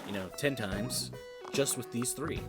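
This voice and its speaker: A man's voice: medium pitch, a little slow, loud music behind the voice. A man streaming a game, giving casual, rambling commentary and joking with his viewers.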